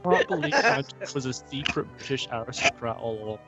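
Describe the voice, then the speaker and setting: A woman's voice: extremely low pitch, huge pitch swings, fairly quick, music in the background. A woman chatting incredulously with fellow players after a tabletop game, swearing. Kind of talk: casual post-game chat.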